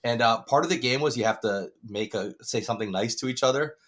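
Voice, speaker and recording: A man's voice: mid-range voice, fast talker, a bit bright. A middle-aged man co-hosting a podcast, telling rambling stories and laughing often. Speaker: podcast co-host. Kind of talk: casual chat.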